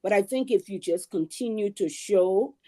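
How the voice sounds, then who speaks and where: A woman from Liberia on a video call, laying out her points in a measured, deliberate way during a casual group discussion. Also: mid-range voice, mellow. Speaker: panel guest.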